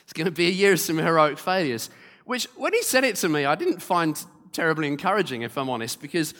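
A male pastor gives a sermon through humorous storytelling. His voice sits fairly high and swings widely. A long reverb carries it through a large hall. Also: lively intonation, fast, fairly bright tone.

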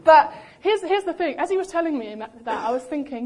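A young woman preaching a sermon in a lively, animated way, acting out the voices she quotes. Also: high-pitched, brisk. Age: young adult.

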